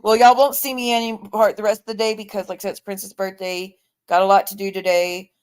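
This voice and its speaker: A woman's voice: mid-range voice, level tone, a little fast, clear, resonant tone. A woman chatting casually on her livestream, blunt, profane and openly sarcastic.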